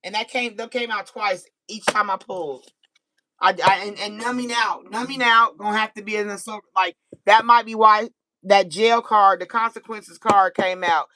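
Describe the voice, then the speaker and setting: Bright, chatty American woman reading cards. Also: mid-range voice, normal speed, no room sound, poor audio. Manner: animated, chatty, laughs easily. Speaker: tarot reader. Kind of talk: casual live-stream card reading.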